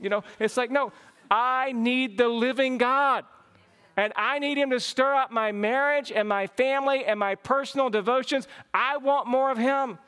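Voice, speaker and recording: Fervent preacher man with a high voice. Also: moderate pace, clean tone. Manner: fervent preaching, climbing to excited exclamations. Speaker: pastor. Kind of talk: sermon and closing prayer. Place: church service.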